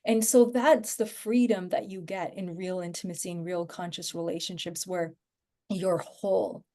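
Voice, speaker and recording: A woman's voice: fairly low pitch, fairly even intonation, normal speed, warm tone. A woman talking as a podcast guest in a casual, rambling way, full of fillers and restarts. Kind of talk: casual conversational podcast chat.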